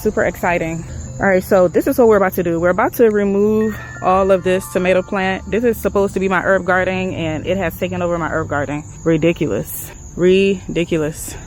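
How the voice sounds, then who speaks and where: Excitable woman vlogging in her garden. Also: lowish voice, quick pace, faint music behind, poor audio. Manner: chatty, excitable, talks to viewers as y'all. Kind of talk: casual garden vlog. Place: outdoors in a backyard garden.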